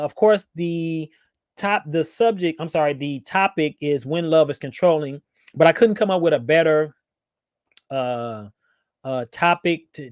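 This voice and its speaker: With a slightly high voice, a man hosts a livestream in a playful, casual chat, reading out viewers' comments and laughing often. The sound is clean studio audio with no room sound.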